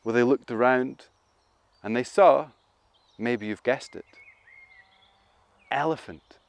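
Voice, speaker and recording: A man's voice: medium pitch, slow, gravelly, no room sound. Playful male children's storyteller. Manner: animated, playful, addresses listeners.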